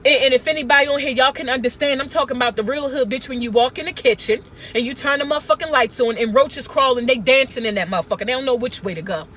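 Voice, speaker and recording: A woman's voice: high-pitched, quick pace, few pauses, fairly bright tone, a little hiss or hum. A woman, talking to camera in a blunt, profane, emphatic casual rant. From Baltimore. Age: 30s. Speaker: vlogger.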